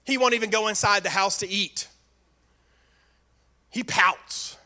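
A male pastor delivering a sermon with earnest emphasis and repeated phrases. His voice sits high and comes across bright and forceful. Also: measured pace.

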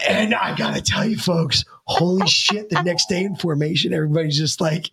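A man co-hosting a podcast, telling a rowdy story in casual, profane chat and shouting at the punchlines. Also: sits high, brisk, vocal fry, few pauses, slightly rough. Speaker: podcast co-host.

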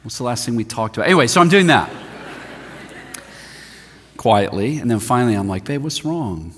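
A man's voice: medium pitch, a little fast. Man preaching in a reverberant hall. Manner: animated storytelling, swinging from loud emphasis to hushed near-whisper. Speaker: pastor. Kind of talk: sermon. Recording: long reverb of a large hall.

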